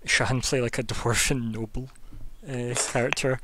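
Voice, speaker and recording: A man's voice: medium pitch, fairly even intonation, a little slow, noisy background. A man runs an online tabletop session as game master. He talks in a loose, rambling way with plenty of ums and restarts. His voice sits in an ordinary middle range. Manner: casual, rambling, lots of fillers. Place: home, online voice call.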